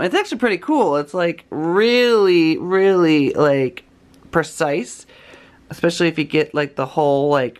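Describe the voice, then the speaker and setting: A man's voice: fairly high pitch, a bit bright. A man vlogging in a casual, rambling, chatty way with lots of fillers. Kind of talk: casual vlog chat. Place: home, then a store.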